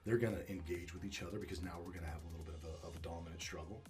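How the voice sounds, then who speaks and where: Animated, low-voiced dog trainer, man. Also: very fast, soft background music. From Northwest Arkansas. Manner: animated storytelling, acts out dog and owner with swearing. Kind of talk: casual interview.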